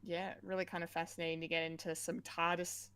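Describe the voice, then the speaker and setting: A woman co-hosting a casual pop-culture podcast, chatty and quick to laugh, with lots of fillers. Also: lowish voice, little pitch movement, fairly bright tone, clear, resonant tone. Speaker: podcast co-host.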